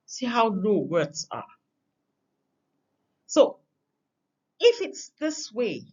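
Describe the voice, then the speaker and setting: Heard through muffled audio, a woman presents a recorded lesson on communication. She hits her words hard, with pronounced leaps in pitch and loudness.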